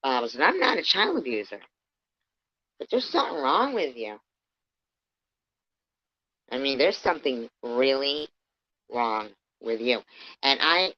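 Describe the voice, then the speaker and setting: A woman with a low voice delivers furious livestream commentary, cursing nonstop and lashing out heatedly at someone she can't stand. She lurches from muttering to shouting, all through dull, lo-fi stream audio.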